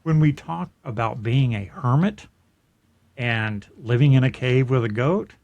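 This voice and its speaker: A middle-aged man speaking at a mid pitch, neither high nor low. He talks in an earnest, reflective way and tells his personal story as casual podcast chat, often restarting a thought. His voice is plain and steady. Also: a little slow, vocal fry, lo-fi sound. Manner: earnest, reflective, with frequent restarts and soft laughs. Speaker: podcast co-host.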